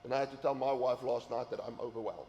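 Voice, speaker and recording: A man's voice: medium pitch, steady tone, quick pace, dark tone, lo-fi sound, slight background noise. A man giving an earnest sermon-style talk to men, often repeating words as he pushes a point. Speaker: men's ministry teacher. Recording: echoey hall with faint ambience.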